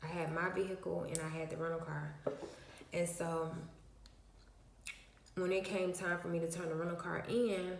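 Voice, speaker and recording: A woman's voice: fairly low pitch, moderate pace, vocal fry, pauses often, slight background noise. Chatty woman vlogger in an echoey room. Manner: animated, emphatic, slangy, many fillers. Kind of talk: casual storytelling to viewers.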